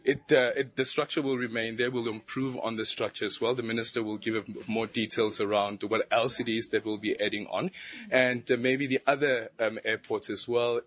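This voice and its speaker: A man's voice: fairly low pitch, a bit bright. A man, a government official, answering a news interviewer about tourism in an upbeat, promotional way. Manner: upbeat, promotional, fluent with fillers.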